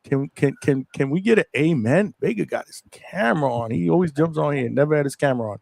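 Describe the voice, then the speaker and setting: A man hosting a live boxing stream, chatting casually in slang and giving shout-outs to viewers. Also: a little high, lively intonation, quick pace, gravelly, no room sound. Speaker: host of a live boxing show.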